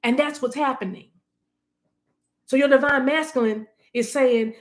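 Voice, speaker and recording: A woman gives a spiritual love reading in a slightly high voice. She preaches fervently and hammers her points home through repetition. Every so often she slips into speaking in tongues. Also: fairly even intonation, measured pace. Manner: fervent, preachy, repeats phrases for emphasis. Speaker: spiritual reader. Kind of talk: intuitive love reading monologue.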